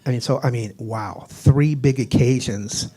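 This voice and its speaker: A man in his sixties from Boston, doing a chatty stand-up set with deadpan punchlines. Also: medium pitch, measured pace, husky. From Boston, United States. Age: 60s. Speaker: stand-up comedian. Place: comedy stage.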